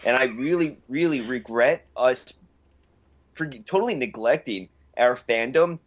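A man speaks earnestly in casual podcast chat, stumbling into small restarts as he makes his point. His mid-pitched voice arrives through a dull, lo-fi signal. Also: lively intonation, a little slow. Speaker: podcast co-host. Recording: dull lo-fi sound.

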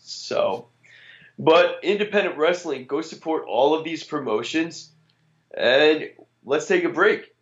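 A man's voice: on the high side, slow pace. A man co-hosting a wrestling podcast, chatting casually and often trailing off mid-thought. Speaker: podcast co-host. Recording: dull lo-fi mic.

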